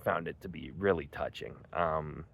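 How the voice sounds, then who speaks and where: A man's voice: extremely low pitch, moderate pace, gravelly, fairly bright tone, husky. A young man reviewing a movie in casual, rambling chat, full of "like" and "um" and swearing freely. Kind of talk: casual spoken film review.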